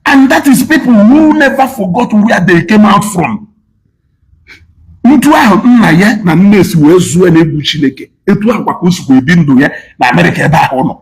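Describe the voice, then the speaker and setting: A man's voice: fairly high pitch, poor audio. A man with a Nigerian Igbo accent giving an impassioned, scolding lecture, switching between Igbo and English and repeating his points for emphasis. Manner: preachy, scolding, emphatic repetition. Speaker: speaker addressing diaspora.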